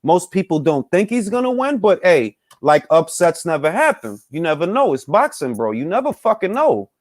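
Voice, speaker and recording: A high-voiced man ranting about boxing, swinging his pitch up and down as he gets fired up. He talks casually and swears a lot, calling out the fans as "y'all." The sound is dry and close. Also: normal speed, no room sound. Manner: animated, profane, heated, addresses fans as y'all. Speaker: boxing talk show host. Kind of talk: casual opinion rant.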